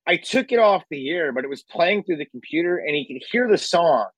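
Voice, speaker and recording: A man in casual chat, telling a radio story with lively acted-out quotes and casual swearing. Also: on the high side, a little fast, no echo, highs cut off.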